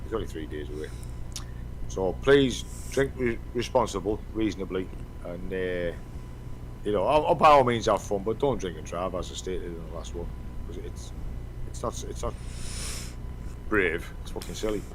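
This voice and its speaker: Middle-aged bloke rambling on a podcast, swears a lot, bit of rumble behind. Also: male voice, lively intonation, moderate pace, long pauses, fairly bright tone, low-quality recording. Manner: rambling, swears often, trails off. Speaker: podcast host. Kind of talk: casual chat.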